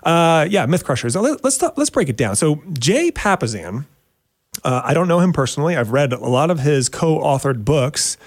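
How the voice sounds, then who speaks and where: A man's voice: moderate pace, no room sound. A man hosting a weekend radio talk show, joking and teasing himself as he talks about his subject. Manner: joking, self-mocking, animated with sudden pitch jumps. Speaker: radio show host and realtor.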